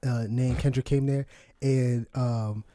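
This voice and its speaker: A man's voice: mid-range voice, fairly even intonation, takes it slowly, dark tone, no room sound, clean studio sound. A man in his twenties co-hosting a casual podcast chat, laughing often and rambling through many restarts and fillers. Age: 20s. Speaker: podcast co-host.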